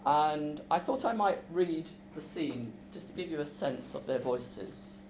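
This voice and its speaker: A woman author talking about her visits to schools, lively and chatty. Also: sits low, a little slow, roomy sound, background noise. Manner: lively, chatty, with fillers and restarts. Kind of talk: talk with a book reading.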